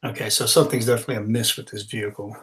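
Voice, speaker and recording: A man playing a tabletop game, halting and repeating words as he reacts. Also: on the low side, steady tone, fairly bright tone. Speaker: player.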